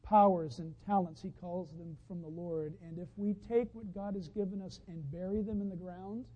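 A man preaching a sermon, telling a story as he goes, dropping from hushed to loud excited outbursts. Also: high-pitched, moderate pace, husky, highs cut off. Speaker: pastor.

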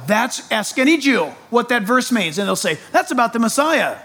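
A man preaching a sermon as pastor, excited, loud and emphatic. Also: very high-pitched, moderate pace, hardly any pauses.

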